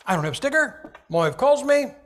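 A man's voice: very high voice, brisk. A man preaching a humorous sermon, joking and acting out little scenes. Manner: animated, jokey, acts out little scenes.

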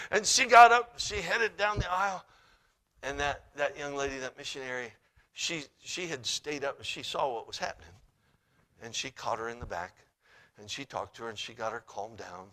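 A male pastor, preaching and telling a story, who swings between loud emphasis and hushed asides. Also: high voice, moderate pace. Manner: laughs while telling the story. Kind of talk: sermon with storytelling.

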